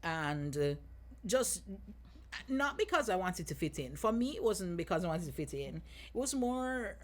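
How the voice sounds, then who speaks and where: A woman from Jamaica with a Jamaican accent, a guest in a casual chat, speaking reflectively and thinking out loud as she goes. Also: on the low side, very animated, a little slow. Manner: reflective, thinks aloud with many fillers and restarts.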